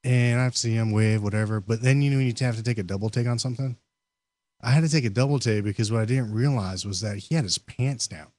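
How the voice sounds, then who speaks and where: A man hosting a casual podcast chat, telling stories in an animated way and laughing often. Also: mid-range voice, fast, dry recording. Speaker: podcast host.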